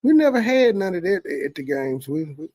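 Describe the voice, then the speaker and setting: A man's voice: sits high, sing-song, fairly quick, darkish tone, no room sound, studio quality. A male streamer giving blunt, profane running commentary on video clips. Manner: blunt, profane, talks back at the footage. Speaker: streamer reacting to bodycam videos. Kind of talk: casual commentary.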